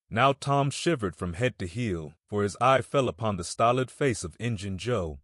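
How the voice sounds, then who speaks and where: A man reading a classic novel aloud as an audiobook narrator, in a measured, steady storytelling manner. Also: fairly low pitch, no echo, studio quality. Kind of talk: scripted narration.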